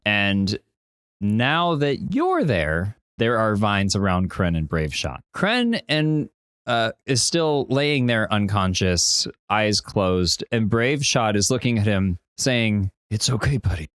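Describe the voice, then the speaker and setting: A man narrating a tabletop game as game master on a podcast, telling the scene in a descriptive, animated way. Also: on the low side, no echo, studio quality.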